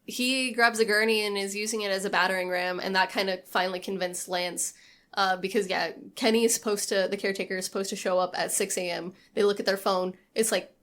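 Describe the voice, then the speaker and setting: A woman's voice: medium pitch, steady tone, a little fast, fairly bright tone. A woman co-hosting a podcast, casually retelling a horror film and acting out the characters' lines. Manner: chatty storytelling with acted-out quotes. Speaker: podcast co-host. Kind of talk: casual movie recap chat.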